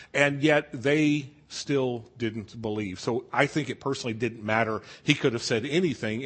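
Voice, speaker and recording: A man's voice: mid-range voice, slightly rough. A man leading an evening Bible study class, explaining scripture conversationally and asking the group questions. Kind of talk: casual Bible class teaching.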